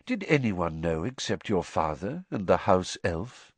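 A man voicing an old male wizard who asks questions quietly and softly. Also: low voice, big pitch swings, a little slow, no echo, heavily acted. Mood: calm. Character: old male wizard headmaster, calm and gentle.

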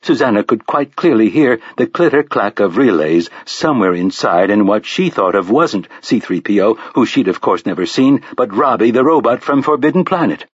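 A man reads a novel aloud in a calm, measured way. His voice has a slight husky edge. The recording is dry and a bit dull, with little room sound. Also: lowish voice, dry recording. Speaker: audiobook narrator. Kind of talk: scripted narration.

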